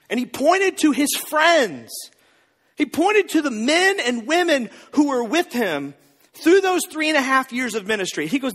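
A man preaching a sermon as pastor, telling the story in an animated, joking way. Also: very high-pitched, brisk, big-room sound. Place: church.

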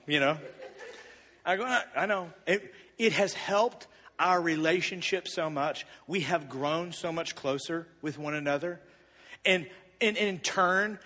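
A bright, forceful man's voice, pitched fairly high, telling a personal story from the pulpit. He is animated and confessional, swinging between loud and hushed. The sound rings out with the long reverb of a large hall. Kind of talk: sermon storytelling.

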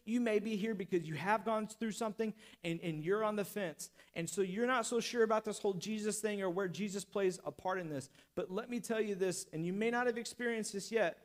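High-voiced impassioned male preacher. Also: fairly quick, few pauses. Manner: impassioned, rising to shouts. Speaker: pastor. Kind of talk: sermon.

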